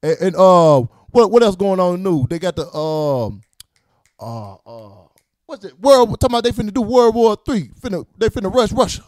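High, animated man ranting loudly. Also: normal speed, no room sound, clean studio sound. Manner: loud, profane, joking rants. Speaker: podcast co-host. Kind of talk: casual chat.

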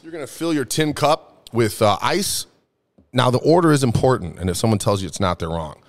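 A man's voice: medium pitch, expressive, brisk. A young man hosting a casual comedic talk show, rambling and swearing a lot while tipsy from drinking. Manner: profane, rambling, jokey. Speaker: podcast host.

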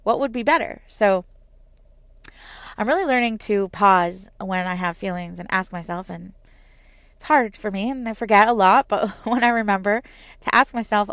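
A woman's voice: mid-range voice, normal speed, fairly bright tone, dry recording. A woman in her thirties, a mother, talking earnestly and reflectively, with frequent "like" and restarts. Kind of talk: personal reflective talk.

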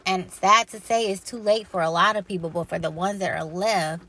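A woman's voice: fairly low pitch, fairly even intonation, normal speed, bright, forceful tone. A woman hosting her own podcast, talking in a blunt, profane, preachy way and firing off emphatic rhetorical questions. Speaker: podcast host. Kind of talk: impassioned solo podcast monologue.

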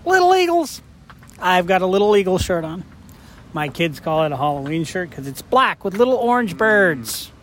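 A man's voice: sits high, moderate pace, fairly bright tone, slight background noise. A middle-aged man co-hosting a podcast, telling rambling stories with jokes in a casual chat. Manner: rambling, joking storyteller. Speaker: podcast co-host.

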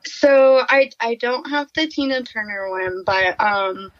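A woman's voice: fairly high pitch, takes it slowly, no room sound, lo-fi sound. A woman co-hosting a podcast, chatting casually and giggling as she reads old ad quotes aloud. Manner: giggly, laughs while reading. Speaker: podcast co-host.

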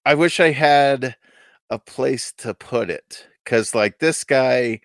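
A man's voice: medium pitch, slow pace, no room sound, studio quality. A man in his thirties co-hosting a podcast, chatting playfully and rambling with goofy asides. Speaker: podcast co-host. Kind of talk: casual chat.

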